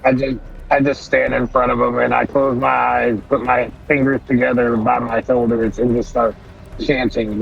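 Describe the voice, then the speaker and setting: A man playing a tabletop game, describing his character's actions in a relaxed way. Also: medium pitch, moderate pace, gravelly, lo-fi sound, faint music behind. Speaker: player. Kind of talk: tabletop role-play.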